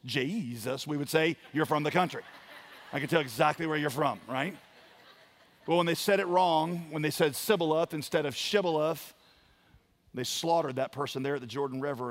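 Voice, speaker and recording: A man preaching a sermon, building to loud emphatic lines and dropping to quiet ones. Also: on the high side, brisk. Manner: emphatic preaching, dramatic swings in volume. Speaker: pastor.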